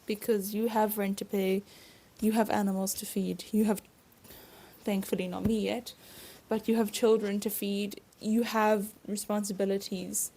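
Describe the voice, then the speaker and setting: Woman, podcast host, casual solo talk, reflective, mid-pitched voice. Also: little pitch movement, moderate pace, mellow, slightly rough. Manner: chatty and reflective, with frequent asides and laughs. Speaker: podcast host and stage performer.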